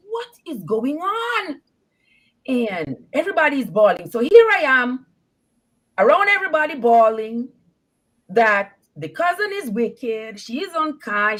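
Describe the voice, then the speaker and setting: A woman's voice: fairly high pitch, fairly bright tone. A woman calling in to a live show, animatedly telling her own story, laughing and acting out the quotes. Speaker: caller. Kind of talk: call-in storytelling.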